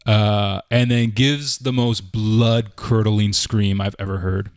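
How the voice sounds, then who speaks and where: This clean, dry studio recording captures a Canadian podcast co-host meandering through a story packed with "like" and "I'm like." He speaks slowly in a low, clear, resonant voice with fairly even intonation, keeping the chat casual.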